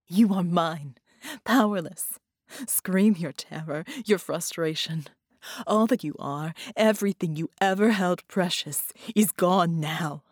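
A woman's voice: fairly low pitch, expressive, husky, no echo, clean studio sound, exaggerated voice. A woman doing a gloating seductive captor. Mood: triumphant. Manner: slow, hushed, possessive.

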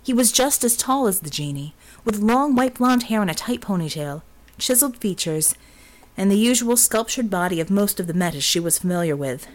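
A woman's voice: medium pitch, animated, brisk. Woman narrating an audiobook. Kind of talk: scripted narration.

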